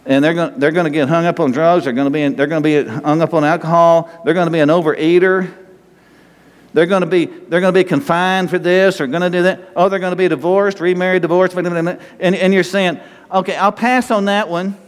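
A man with a North Texas accent, a pastor giving a lively, conversational sermon full of rhetorical questions. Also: a little high, fairly quick, clear, resonant tone, long reverb tail.

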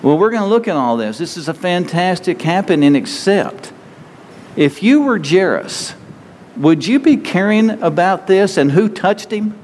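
Male pastor, fairly high voice, earnest conversational sermon, long hall reverb, faint room noise. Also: very animated, unhurried, a little mellow. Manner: earnest, conversational preaching with dramatic pleading asides.

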